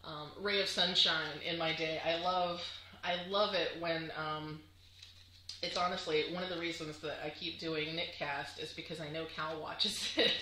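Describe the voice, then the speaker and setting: Bright, gushing woman vlogger. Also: deep voice, fairly even intonation, moderate pace, reverberant, a little hiss or hum, low-quality recording. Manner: gushing, chatty, many fillers. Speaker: crafting vlogger. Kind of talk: casual chat to camera.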